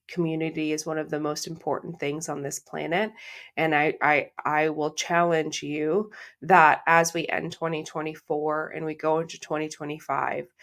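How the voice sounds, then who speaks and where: A woman hosting a solo podcast, talking to her listeners in a heartfelt, reflective way and repeating phrases for emphasis. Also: sits low. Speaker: podcast host.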